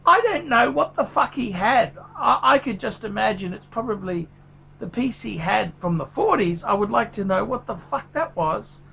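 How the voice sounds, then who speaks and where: A man's voice: high voice, lively intonation, normal speed, creaky, bright, forceful tone, slight background noise, full character voice. A man voicing a furious, foul-mouthed male watch reviewer who swears constantly in a paid review rant. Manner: swears constantly, ranting, blunt.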